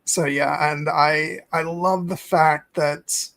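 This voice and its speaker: A man hosting a casual movie chat with a slightly high voice, recorded close and dry. He talks with eager enthusiasm, tripping over restarts and dropping the odd swear word. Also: steady tone, takes it slowly, creaky, fairly bright tone, dry recording. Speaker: podcast host. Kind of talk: casual film discussion.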